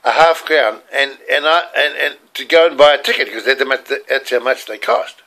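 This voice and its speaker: A man's voice: mid-range voice, normal speed, bright, forceful tone. An older man with an Australian accent, telling rambling, earnest stories from his childhood. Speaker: storyteller. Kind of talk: personal childhood storytelling.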